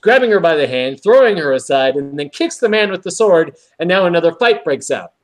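A podcast co-host with a slightly high voice and a brisk pace runs through a casual recap of an episode, bringing quoted lines to life in an animated retelling.

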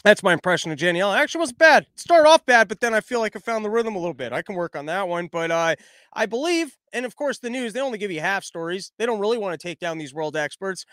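A man giving casual, sarcastic political commentary, mocking and quick. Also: high voice, animated, a bit bright, no echo. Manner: sarcastic, mocking, fast-talking.

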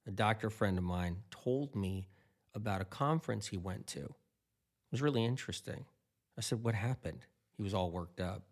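A man's voice: fairly low pitch, moderate pace. A man eating and talking casually, rambling through anecdotes with lots of quoted dialogue. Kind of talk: casual storytelling monologue.

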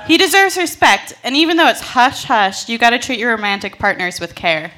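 A scheming young maid, played by a woman, talks breezily in a high, bright voice. Her delivery is giggly and put-on posh. The pitch moves in lively swings. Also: a little fast.

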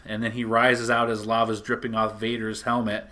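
A man casually retelling a comic book story to a friend, animated and acting out the lines. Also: medium pitch, moderate pace.

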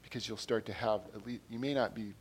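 A man preaching a sermon in an earnest way, repeating his phrases and growing louder when he reads quotes and scripture. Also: on the low side, steady tone, quick pace, a little hiss or hum.

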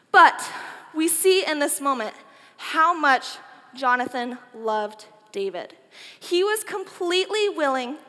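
A woman's voice: high-pitched, big-room sound. A woman giving a chatty, joking youth talk, retelling a Bible story casually. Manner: animated, chatty, jokey. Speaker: youth speaker.

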